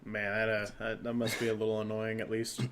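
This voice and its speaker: American male podcast host, casual chat, relaxed, chatty and quick to laugh. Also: on the low side. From United States.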